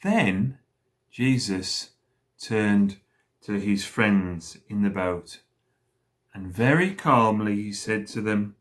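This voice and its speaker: Leading school worship, a man with a voice on the low side slowly retells a story for children, pausing now and then to ask them questions.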